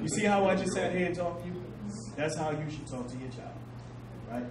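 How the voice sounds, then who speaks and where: A man's voice: a little high, lively intonation, brisk. A man teaching an informal class, talking loosely with street slang and some scripture quotes, recorded from across the room. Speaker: civic class speaker. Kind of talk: informal lecture to a small class. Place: indoor meeting room. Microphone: distant camera mic. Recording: echoey room, far from the mic, noisy.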